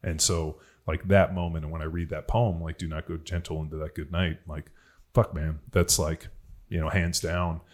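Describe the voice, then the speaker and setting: An extremely low-pitched, darkish voice delivers everything in a level tone at a moderate pace. The man hosts a podcast and rambles through personal stories in casual talk, with frequent swearing and plenty of "like" and "you know."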